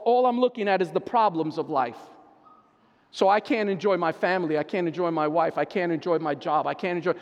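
A man, a pastor and therapist, preaching a sermon in a conversational way, often checking in with the listeners. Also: high-pitched. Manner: conversational preaching, keeps asking "right?". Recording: long reverb of a large hall.

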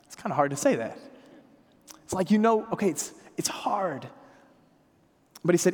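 Pastor, male, 30s; light high voice, chatty sermon delivery with self-mocking humor, church hall with long echo. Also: animated, moderate pace, long pauses, darkish tone, slightly rough. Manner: conversational storytelling preacher, self-deprecating humor. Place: church sanctuary.

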